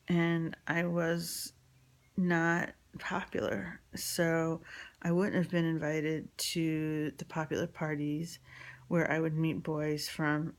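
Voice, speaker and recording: A New York woman in her forties tells a personal story with a low-pitched voice and vocal fry. She is frank and rambling, with plenty of fillers and swearing.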